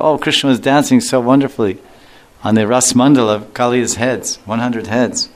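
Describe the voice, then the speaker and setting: A man teaching a devotional scripture class in a relaxed, joking way, often chuckling. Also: medium pitch. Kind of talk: scripture lecture.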